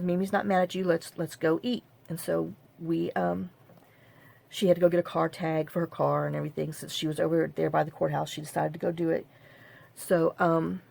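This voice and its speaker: Low gravelly woman. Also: darkish tone. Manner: halting, many fillers and repeated "I said". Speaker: craft vlogger. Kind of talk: personal storytelling to camera.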